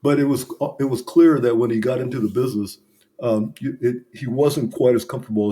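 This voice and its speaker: A man's voice: mid-range voice, fairly quick, warm tone. A middle-aged man, a business consultant, reflectively and earnestly recounting his own mistakes as a podcast guest. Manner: reflective, earnest, self-critical. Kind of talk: candid conversational storytelling.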